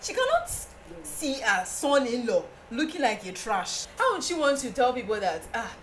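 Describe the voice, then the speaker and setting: A young woman with a Nigerian accent, a podcast guest telling a story in casual chat, animated and often laughing. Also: moderate pace, a little hiss or hum. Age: young adult. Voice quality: laughing, animated, breaks into high squeals.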